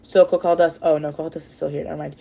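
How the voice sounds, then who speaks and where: A woman's voice: low voice, level tone, rapid-fire, vocal fry, warm tone. A woman casually retelling chapters of a novel in a rambling way, full of fillers and self-corrections. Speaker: storyteller.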